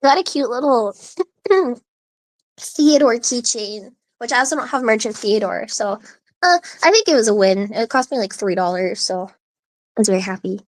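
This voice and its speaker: A woman's voice: on the high side, animated, moderate pace, no room sound. A woman hosting a live audio stream, chatting casually in a rambling, giggly way full of "like" and restarts, with hiccups. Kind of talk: casual chat.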